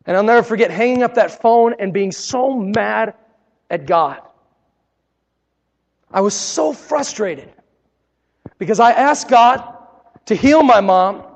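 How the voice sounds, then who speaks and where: A man preaching a sermon, telling personal stories in an earnest way and dropping to a hush at key moments. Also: high voice, big-room sound. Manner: earnest, personal storytelling with dramatic quiet drops. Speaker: pastor.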